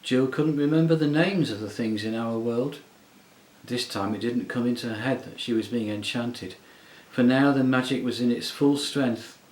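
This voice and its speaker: A man narrating a storybook in a measured, expressive way. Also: medium pitch, reverberant, low-quality recording. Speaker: audiobook reader.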